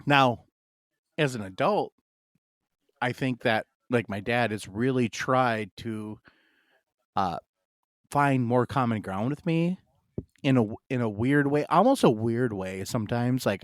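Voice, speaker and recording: A man's voice: medium pitch, lively intonation, unhurried, dry recording. Brief: adult male co-host, loose rambling storyteller, mid-range voice, dry close recording. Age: adult, married. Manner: rambling and storytelling, full of "like" fillers. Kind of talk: casual chat.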